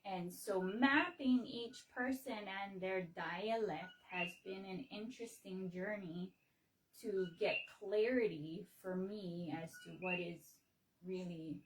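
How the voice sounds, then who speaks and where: A woman from Hawaii talking on a casual livestream, slow and halting, with many fillers and restarts. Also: mid-range voice, recorded from a distance, slight background noise, poor audio. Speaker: livestream host. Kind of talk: casual explanatory livestream talk.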